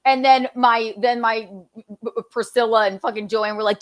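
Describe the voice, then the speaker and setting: A woman's voice: a little high, fairly even intonation, normal speed. A woman co-hosting a podcast, chatting casually with swearing and asides. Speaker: podcast co-host.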